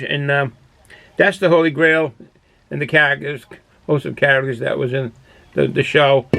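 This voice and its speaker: Speaking from his man cave, a cool home den, an older Boston-accented beer reviewer rambles through a folksy, casual product monologue. His voice sits on the high side and sounds a bit bright, and he often restarts and uses fillers.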